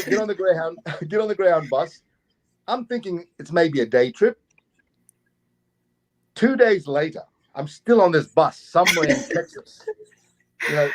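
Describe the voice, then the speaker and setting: A middle-aged man from Queensland, Australia, with an Australian accent, telling a long travel story as an interview guest, animated and given to repeating his words and chuckling. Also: a little high. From Doomadgee, Queensland, Australia. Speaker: guest actor and festival promoter.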